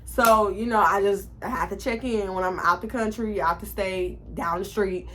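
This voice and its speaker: A woman in her twenties telling a storytime in a casual, animated, profane way, acting out what people said. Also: medium pitch, normal speed. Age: 20s. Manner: animated, profane, acts out quotes. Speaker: vlogger.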